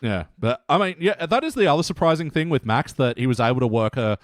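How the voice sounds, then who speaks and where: A man's voice: mid-range voice, lively intonation, quick pace. A man co-hosts a casual review chat in a conversational, mid-range voice. He tells anecdotes, laughs often and steers the talk with questions. The sound is close and dry, with no room echo. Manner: chatty storyteller, laughs often, leads the questions. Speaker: podcast co-host.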